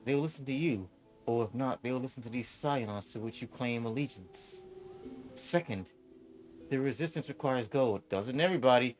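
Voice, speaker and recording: A man reading the lines of a proud, smug woman general from a game, in a cool, measured, haughty way. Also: mid-range voice, music in the background, close to an everyday voice.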